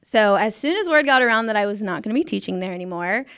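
A woman's voice: mid-range voice, lively intonation, fast talker, a bit bright, clean tone. A young woman, a former schoolteacher, casually telling a story in a chatty, self-mocking way and acting out the voices of the people in it. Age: young adult. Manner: chatty, self-mocking, acts out quotes, laughs often.

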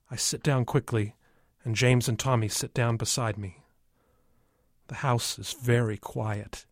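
A man calmly narrating a first-person story from a child's view. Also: mid-range voice, normal speed, dry recording, studio quality. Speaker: audiobook narrator.

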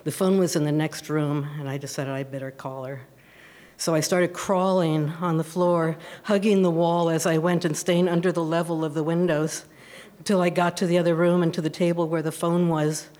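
A woman telling a true personal story at a live storytelling event, animated and often laughing as she talks. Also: low-pitched, moderate pace.

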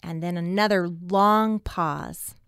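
A middle-aged woman telling a personal story as a radio guest, slow and reflective, with long pauses. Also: lowish voice, a bit bright, smooth, dry recording, clean studio sound. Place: radio studio.

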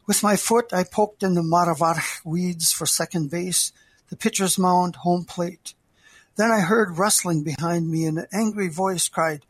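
An older man, an author, reading his memoir aloud in a measured, heartfelt way. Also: high-pitched, steady tone, breathy edge, no echo.

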